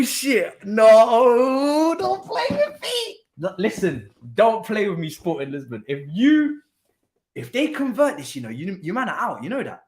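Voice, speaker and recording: A man hosts a live football watchalong, veering from quiet muttering to excited shouts. He keeps repeating his lines in street slang.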